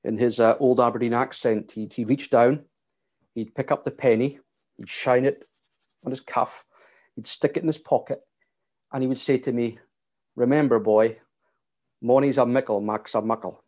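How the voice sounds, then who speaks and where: A man preaching a sermon in a measured, emphatic way. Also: medium pitch, fairly even intonation, darkish tone. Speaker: pastor.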